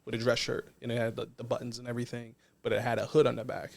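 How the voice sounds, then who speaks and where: A man's voice: medium pitch, completely flat delivery, racing, gravelly. A man, a non-profit co-founder, telling a personal story in a casual interview in an earnest, reflective way.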